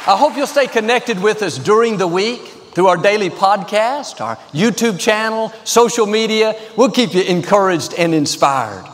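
Upbeat high-voiced pastor in a big hall. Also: male voice, expressive, normal speed, few pauses, a bit bright, a faint crowd, a little hiss or hum. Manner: upbeat, encouraging, rhythmic repetition. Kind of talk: sermon. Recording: live hall with long reverb and faint music.

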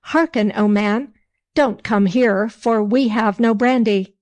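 A woman voicing a group of sly, whining innkeepers in a fairy tale, read slowly. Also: medium pitch, darkish tone, close to an everyday voice.

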